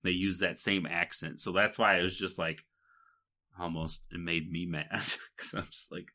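Deep-voiced rambling podcast co-host man. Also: level tone, moderate pace, bright, forceful tone. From Michigan, USA. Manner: rambling, lots of fillers and laughs. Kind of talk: casual chat.

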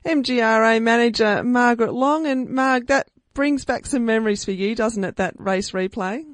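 A woman's voice: a little high, moderate pace, no echo. A woman hosting a radio show, interviewing a guest in a friendly, chatty manner. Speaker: radio host.

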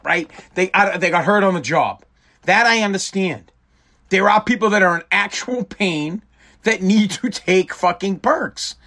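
A man's voice: sits high, bright, forceful tone. Blunt, profane man. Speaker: host. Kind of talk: opinionated monologue.

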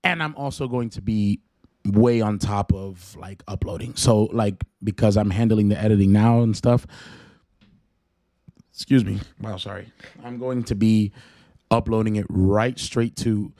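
A man's voice: lowish voice, vocal fry, mellow, no room sound. A man with a Southern US accent, hosting a casual faith podcast, joking and rambling as he corrects himself. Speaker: podcast host.

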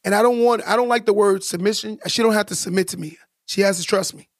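A man's voice: high voice, fast talker, dry recording, studio quality. A man co-hosting a casual podcast, talking emphatically and preachily, repeating points for stress. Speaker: podcast co-host.

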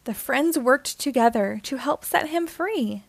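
A woman reading a rhyming children's picture book aloud, with a gentle, lilting storybook rhythm. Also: high-pitched, lively intonation, a little slow, gravelly, hardly any pauses, dry recording.

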